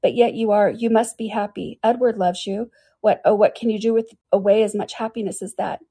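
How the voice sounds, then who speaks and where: A woman's voice: mid-range voice, steady tone, a little fast, warm tone, breathy edge. A woman reading an audiobook and voicing an anguished, heartbroken young woman who pleads in wild outbursts.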